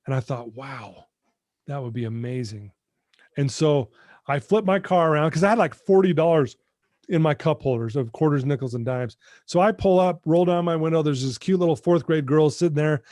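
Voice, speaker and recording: A middle-aged addiction recovery mentor, his voice a little higher than most men's, shares a personal story as a podcast guest. Earnest and heartfelt, he often addresses the host directly, speaking briskly with a slightly mellow tone. The recording is dry and close, with almost no sense of the room.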